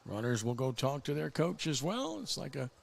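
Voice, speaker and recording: Gravelly play-by-play baseball announcer man. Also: sing-song, normal speed, dry recording. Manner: rises sharply in pitch and volume on big plays.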